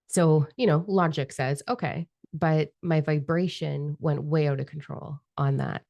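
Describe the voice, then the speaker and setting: A woman's voice: low-pitched, a little slow, creaky, hardly any pauses, warm tone, dry recording, clean studio sound. A woman telling a casual, self-deprecating story, chatty and laughing often. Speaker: spiritual vlogger.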